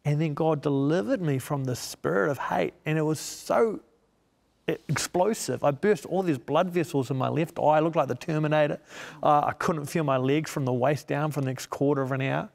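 A man's voice: on the high side, normal speed, gravelly, a little mellow, in a large hall. A man, a media missionary, giving an earnest personal testimony in an interview and acting out the voices in his head as he tells it.

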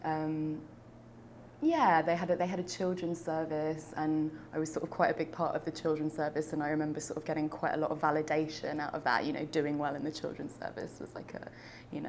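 A woman's voice: sits low, little pitch movement, brisk, darkish tone, a little hiss or hum. A young woman from London, talking reflectively in an oral history interview, with frequent fillers and restarts. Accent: London English. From United Kingdom.

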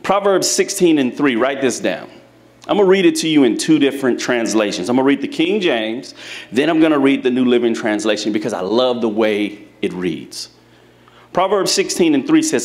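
A man's voice: medium pitch, very animated, a little fast. A man preaching a sermon to a live congregation in church, speaking to them directly and telling folksy, humorous stories. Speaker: pastor.

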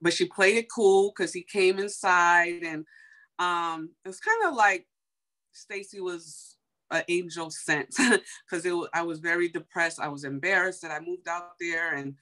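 A young woman from Chicago telling a personal story in a casual, animated way, full of fillers and acted-out quotes. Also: lowish voice, unhurried. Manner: animated, heavy on fillers, acts out quoted dialogue.

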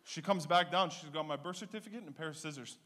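A man, doing a stand-up comedy set with punchy, animated storytelling. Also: a little high, fast. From Canada (Ontario).

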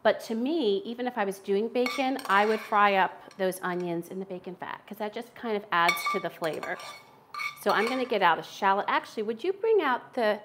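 A woman's voice: medium pitch, lively intonation, fairly quick, heavy background noise. A woman from the United States hosting a casual cooking livestream, chatting in a self-deprecating way as she cooks in her home kitchen.

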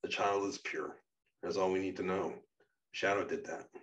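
A man reads his own memoir aloud in a plain, steady, earnest way. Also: deep voice, normal speed. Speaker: narrator. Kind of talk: reading a personal memoir aloud. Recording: muffled, distant mic.

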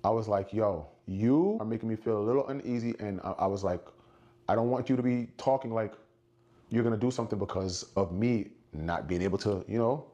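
A man's voice: a little fast, mellow, lo-fi sound. Man telling a wild story. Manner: acts out quotes, shifts pitch for dialogue. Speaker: storyteller in a played clip. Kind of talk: animated storytelling.

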